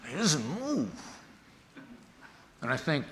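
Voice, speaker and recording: A man who teaches negotiation gives a storytelling talk, acting out the people in his anecdotes with lively voices. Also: fairly high pitch, slow, noisy background. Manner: animated, acts out the people in his stories. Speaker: negotiation instructor and former FBI agent giving a talk.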